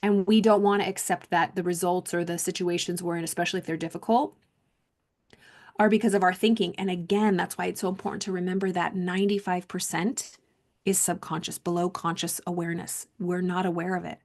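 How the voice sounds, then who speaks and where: A woman's voice: lowish voice, level tone, a little fast, a little mellow. A woman coach reading a self-help book aloud, then talking it over in a casual, conversational way and repeating herself for emphasis. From Southern California. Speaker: mindset coach.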